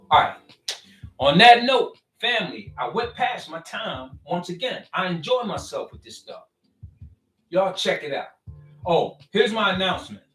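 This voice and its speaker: Animated man preaching to his followers. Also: on the high side. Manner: preachy and animated, with call-and-response asides. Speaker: vlogger talking to his followers. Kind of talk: casual motivational monologue. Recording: roomy and distant, faint music behind.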